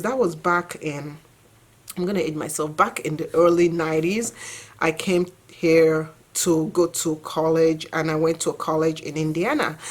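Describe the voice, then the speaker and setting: Woman in her forties, lowish voice. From Nigeria. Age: 40s. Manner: reflective, earnest, conversational with fillers. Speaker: vlogger and mother. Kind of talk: personal storytelling to camera.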